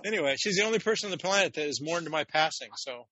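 A man's voice: on the high side, fast talker, no echo, rough recording. A man casually telling stories on a talk show, acting out the people he quotes and laughing often. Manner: animated, acts out quotes with laughs. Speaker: podcast host and author. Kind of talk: casual storytelling chat.

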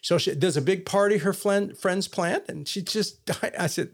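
Middle-aged guy, pretty high voice, earnest storyteller doing little quotes. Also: normal speed, few pauses. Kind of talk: casual conversation.

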